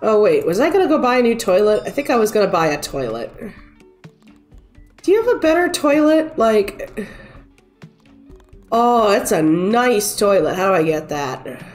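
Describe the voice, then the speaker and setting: A woman's voice: mid-range voice, sing-song, moderate pace, pauses often, a little mellow. A woman streaming a cozy game while sick with a cold, chatting in a rambling, easygoing way and cooing at the cats on screen. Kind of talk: casual gameplay chat. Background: faint game music.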